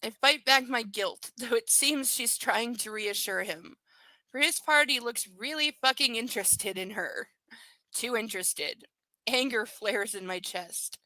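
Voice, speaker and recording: A bright, higher woman's voice reads a novel aloud in a close, dry sound. She breaks in with sarcastic asides, and she sounds like she is chatting casually at her desk at home. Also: unhurried, dry recording. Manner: sarcastic asides and baby talk to her dog. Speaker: host reading a book aloud. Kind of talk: casual livestream reading with commentary.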